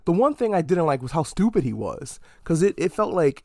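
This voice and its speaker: A man hosting a podcast, chatting casually about a movie in an animated, swearing way. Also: on the high side, a little fast, hardly any pauses, no echo, studio quality. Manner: animated, profane, slips into mock slang quotes. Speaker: podcast host. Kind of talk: casual movie review monologue.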